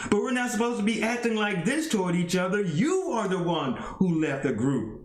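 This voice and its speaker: A man's voice: sits high, big pitch swings, normal speed, roomy sound, voice pushed up. A man voicing an indignant young male pro wrestler, scolding his former partner in a fired-up way.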